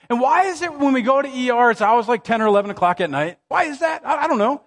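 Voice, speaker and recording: A fairly high-pitched man in his thirties delivers a sermon as pastor. He reads scripture with dramatic swells, then slips into a loose, animated storytelling voice full of asides to the congregation. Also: quick pace, few pauses. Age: 30s.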